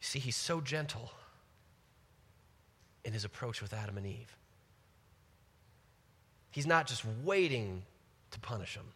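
An animated man teaching from the Bible with real enthusiasm, moving between scripture reading and lively, chatty reflection. His voice has a bright, forward edge. A long echo trails after him, as in a large hall. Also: medium pitch, measured pace, pauses often, slightly rough.

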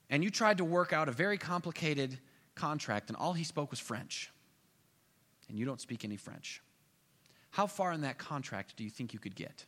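Male pastor, high bright voice, animated sermon storytelling with acted-out voices, reverberant sanctuary. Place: church sanctuary.

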